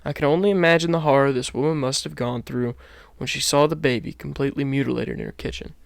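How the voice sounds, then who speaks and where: A man giving a somber, measured scripted narration as a video host. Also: medium pitch, fairly even intonation, gravelly, no echo, studio quality.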